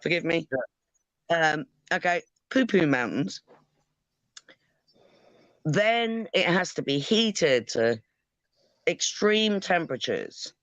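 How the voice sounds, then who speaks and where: A man's voice: a little high, dry recording. A man on a casual online panel, ranting in a sarcastic way over a video call. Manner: slow, lively, sarcastic ranting. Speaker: panel guest. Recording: dull lo-fi dry audio.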